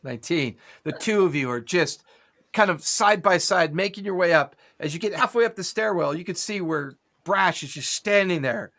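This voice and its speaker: A man's voice: high voice, animated, moderate pace, a bit bright. A man narrating a tabletop horror game as game master, adding his own gunfire and impact sounds.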